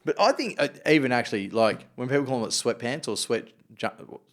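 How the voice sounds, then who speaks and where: A man's voice: medium pitch, lively intonation, brisk. A man hosting a podcast in casual chat, laid-back, mostly giving short agreeing replies with casual swearing. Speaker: podcast host.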